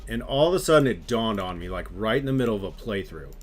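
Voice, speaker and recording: Guy streaming a game, kinda low voice, ranting and cussing to chat. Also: fast, few pauses. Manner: animated, ranting, swears freely. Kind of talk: casual chat with live viewers.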